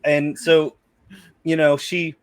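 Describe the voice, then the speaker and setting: A man's voice: on the high side, flat delivery, takes it slowly, clean tone. Rambling, profane American man. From United States. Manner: rambling, profane, restarts a lot. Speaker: podcast panelist presenting a topic. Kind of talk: casual group chat over a call.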